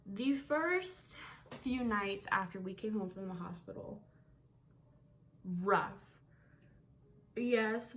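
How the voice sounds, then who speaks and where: A woman's voice: mid-range voice, a little hiss or hum. A young woman vlogging from her bedroom, telling a personal story in a candid, rambling way, with casual swearing and moments of emotion. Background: faint TV sound playing.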